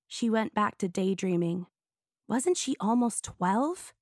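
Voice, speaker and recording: A woman narrating an audiobook in a clear, storytelling way, with a middle-pitched voice. The recording is dry and close, with no room sound. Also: expressive, takes it slowly, a little mellow, dry recording. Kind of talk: scripted narration.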